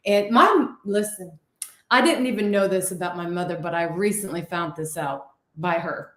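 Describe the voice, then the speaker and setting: A woman from Ohio with a Southern US accent co-hosts a relaxed chat and tells family stories. The recording carries a noticeable room echo. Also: on the low side, moderate pace. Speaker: co-host. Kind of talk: casual chat.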